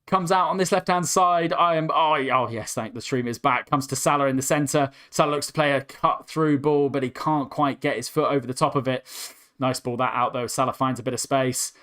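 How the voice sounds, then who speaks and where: A young man hosting a live football watchalong, commentating with rising excitement as his voice starts to go hoarse. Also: mid-range voice, a little fast. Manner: excitable, voice climbs sharply with the action. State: voice going hoarse. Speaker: host.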